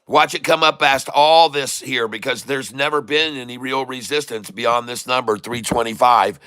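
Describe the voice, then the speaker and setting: A middle-aged man hosting a live day-trading stream, giving excited running commentary and calling out to his viewers as "folks.". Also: medium pitch, moderate pace, clear, resonant tone, no room sound, studio quality.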